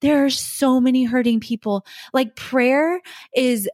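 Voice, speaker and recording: A woman's voice: high voice, measured pace, dry recording, clean studio sound. Earnest woman telling a faith story. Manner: animated, earnest, addresses listeners as "you guys". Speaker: podcast guest. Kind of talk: casual faith podcast storytelling.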